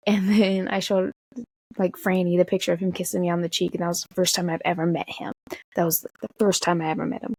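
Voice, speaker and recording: Young woman, vlogger, storytime, animated, fry-heavy voice, dry recording. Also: medium pitch, moderate pace, no room sound. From Tacoma area, USA. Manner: animated, swearing, acts out quotes. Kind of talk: casual storytime.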